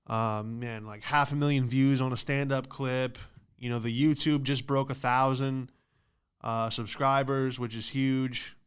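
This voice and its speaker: A man talks in a loose, profane podcast rant, peppering everything with "dude" and "like". His voice is smooth and resonant at a middle pitch. He sounds like a stand-up comic riffing off the cuff. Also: steady tone, a little slow. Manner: profane, ranting, says "dude" and "like" a lot. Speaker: stand-up comedian and podcast host.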